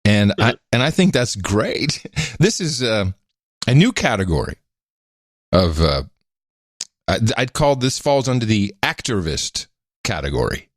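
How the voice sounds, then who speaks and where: A man co-hosting a podcast in casual chat, animated and fond of mimicking voices when he quotes people. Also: lowish voice, a little slow, long pauses, no echo, clean studio sound. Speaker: podcast co-host.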